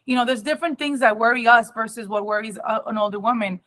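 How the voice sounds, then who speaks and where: A young adult woman giving a personal testimony at an awareness talk, emotional and halting, with many ums and restarts. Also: fairly high pitch, fairly bright tone.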